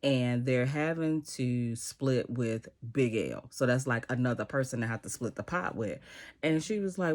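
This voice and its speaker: A man casually recapping a TV episode, retelling scenes in a lively way and acting out the characters' lines. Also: mid-range voice, a little slow.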